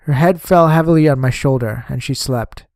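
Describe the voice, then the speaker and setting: A man narrating a memoir in a measured, steady audiobook reading on a close microphone. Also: medium pitch, no echo.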